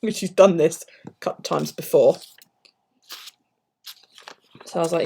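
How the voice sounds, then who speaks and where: A woman's voice: deep voice, fairly even intonation, quick pace, creaky, warm tone, slight background noise. A middle-aged woman with an English accent, chatting casually and swearing freely while she works on her bullet journal and tells stories.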